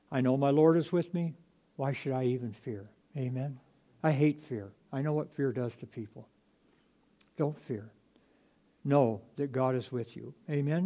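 A man preaching a sermon to his congregation, moving between loud emphatic passages and quiet, hushed asides. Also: medium pitch. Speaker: pastor.

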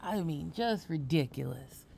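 Animated woman hosting a podcast. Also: low voice, a little slow, creaky, a little hiss or hum. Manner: playful, animated, teasing. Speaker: podcast host. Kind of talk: casual chat.

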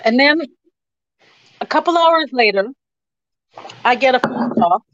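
Middle-aged woman, fairly high voice, hesitant with ums, dull lo-fi recording. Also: lively intonation, fairly bright tone, a little hiss or hum. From Canada. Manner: hesitant, halting with many ums. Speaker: interview guest. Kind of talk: personal storytelling.

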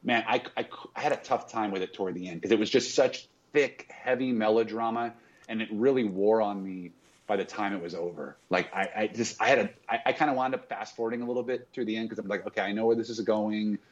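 A man's voice: fairly low pitch, fast, lo-fi sound. Chatty man hosting a movie podcast. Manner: chatty, stumbles and restarts often. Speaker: podcast host. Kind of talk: casual movie podcast chat.

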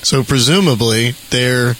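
A man's voice: mid-range voice, unhurried, fairly bright tone, slight background noise, poor audio. A man co-hosting a casual podcast chat, asking curious questions and laughing easily.

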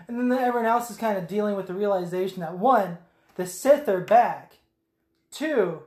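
A woman chats casually through a film recap, her pitch jumping up and down as she acts out scenes with goofy voices and sound effects. She swears freely and laughs along. Her voice echoes around the room. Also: expressive, moderate pace, a little mellow. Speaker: podcast co-host.

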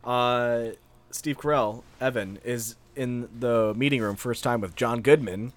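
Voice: mid-range voice, measured pace. A co-host in casual chat, agreeing easily and adding movie details.

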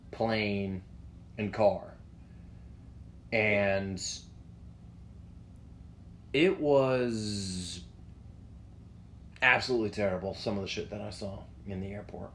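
A man's voice: fairly low pitch, expressive, slow pace, long pauses, slight background noise. A young man co-hosting a podcast, telling rambling, profane stories in casual chat. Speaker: podcast co-host.

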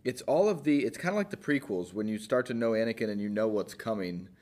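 A man's voice: fairly low pitch, expressive, quick pace, darkish tone. An American man co-hosting a podcast, chatting casually and eagerly. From United States. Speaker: podcast co-host. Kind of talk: casual chat.

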